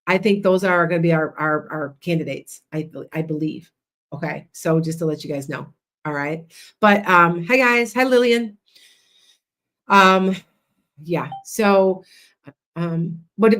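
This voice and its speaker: A woman hosting a livestream as a psychic and hypnotist, chatting loudly and rambling with many restarts. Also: mid-range voice.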